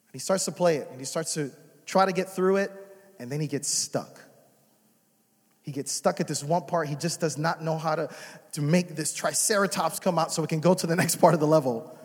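A young adult man preaching a sermon as a pastor, moving from soft prayer to loud exhortation. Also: fairly high pitch, expressive, normal speed. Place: church sanctuary. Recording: reverberant church hall.

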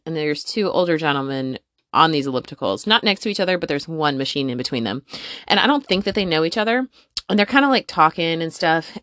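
A woman hosting a podcast from her closet, telling a story in a casual, profane, animated way and laughing often. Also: low-pitched, dry recording, clean studio sound. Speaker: podcast host. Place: home closet.

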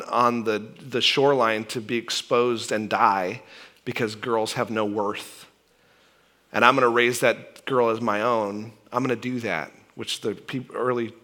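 A male pastor preaching a sermon in a conversational, animated way, often asking "right?" and restarting his phrases. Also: medium pitch.

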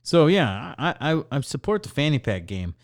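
A young adult man with a medium-pitched voice speaks at a moderate pace as a podcast co-host. In casual chat he animatedly tells a story about a store, mimicking customers in a raised voice and swearing freely.

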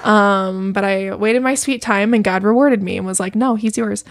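A woman's voice: medium pitch, moderate pace, dry recording. A young woman talking as a podcast guest, earnest and emotional, rambling with many fillers. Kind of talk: casual chat.

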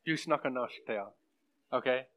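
A man's voice: mid-range voice, normal speed, fairly bright tone. A young man teaching on prophecy in a casual, rambling sermon style, full of fillers and asides to the room. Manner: rambling, conversational, lots of fillers. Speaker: pastor teaching a class. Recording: muffled lo-fi room recording.

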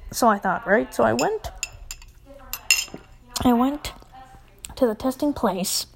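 A woman's voice: fairly high pitch, animated, slow, vocal fry, noisy background. A young adult woman telling a casual story, rambling and swearing, full of "like", often dropping to a whisper.

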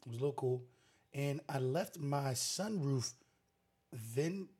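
A man's voice: mid-range voice, lively intonation, a little slow, mellow, slightly rough. A man co-hosting a podcast, telling stories energetically in casual chat, laughing often. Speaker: podcast co-host.

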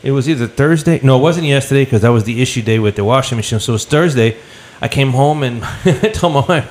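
A man's voice: mid-range voice, fast, a little mellow. A man co-hosting a podcast, telling what he watched in a loose, rambling way and swearing casually. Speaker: podcast co-host. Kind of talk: casual film discussion.

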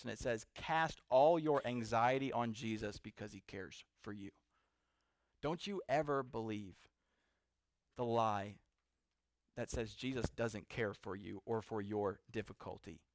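A man preaching a sermon to a seated congregation, earnest, building to emphatic peaks and then dropping soft. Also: fairly high pitch, dry recording, clean studio sound. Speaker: pastor.

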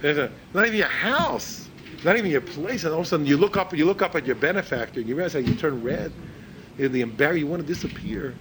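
Animated, lively-voiced man teaching religion. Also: quick pace, background noise. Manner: animated, repeats words while searching for phrasing; acts out quoted speakers in a higher voice. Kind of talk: informal religious lecture.

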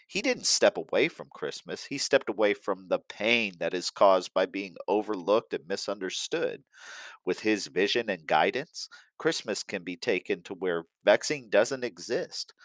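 A man doing Santa, booming and old. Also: no room sound. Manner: booming, commanding.

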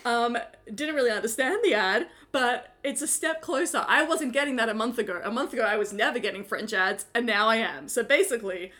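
A giggly woman co-hosting a laid-back podcast chat. Her voice sits a little on the high side, and she keeps laughing at herself as she tells her stories. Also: animated, brisk, bright, forceful tone. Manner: giggly, self-mocking storyteller. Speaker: podcast co-host. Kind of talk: casual chat.

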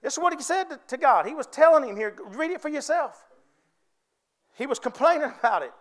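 A male preacher with a very high voice delivers a fervent sermon. He keeps calling out to the congregation and drawing them in. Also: expressive, fairly quick, a bit bright. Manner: fervent, calls out to the congregation for responses.

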